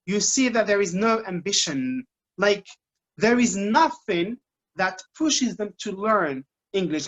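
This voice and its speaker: A man's voice: sits high, fairly bright tone. A man with an Arabic accent, a native Arabic speaker, teaching English learners in an advice talk, patiently repeating his points and checking in with "okay?". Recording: dull lo-fi recording.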